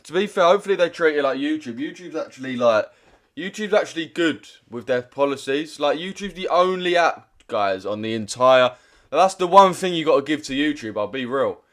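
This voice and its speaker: A man's voice: a little high, lively intonation, a bit bright. Slangy man streaming live. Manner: blunt, slangy, heavy swearing; talks fast in bursts, with restless restarts. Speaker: trading livestreamer. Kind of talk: casual livestream chat to viewers.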